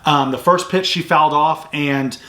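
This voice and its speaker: A man talks through a softball game play by play. His voice sits a little high and sounds bright and forceful. He chats casually, with plenty of fillers and restarts. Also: fairly even intonation, moderate pace. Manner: chatty, recounts plays step by step with fillers. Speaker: sports recruiting show host. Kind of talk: casual game recap chat.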